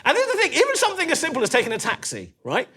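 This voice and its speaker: A man with a London accent does stand-up in a comedy club, talking in a high voice with a lot of movement. He is conversational and punchy and throws quick asides to the crowd. The live recording has a noisy audience behind him. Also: huge pitch swings. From East London.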